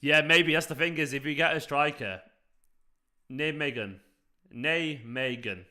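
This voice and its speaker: Chatty bright-voiced fan host. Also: male voice, a little high, steady tone, fairly quick. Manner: chatty, reacts to play and greets viewers by name. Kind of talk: live match watchalong commentary, reading chat.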